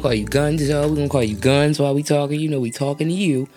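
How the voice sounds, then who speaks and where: A woman's voice: deep voice, quick pace, few pauses, darkish tone, faint music behind. A woman hosting a casual interview, playful and teasing, talking in heavy slang. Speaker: podcast host.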